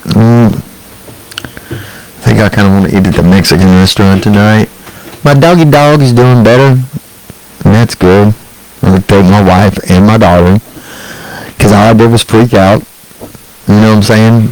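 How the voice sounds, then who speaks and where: A man's voice: lowish voice, measured pace, pauses often, a little mellow, slight background noise, rough recording. A middle-aged man hosting a solo online show, ranting bluntly and profanely, rambling with restarts and asides.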